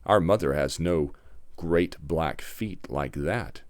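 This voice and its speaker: A man's voice: a bass voice, slow, no echo, studio quality, exaggerated voice. A man voicing the oldest gosling in a storybook reading, firm and cautious. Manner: firm, refusing.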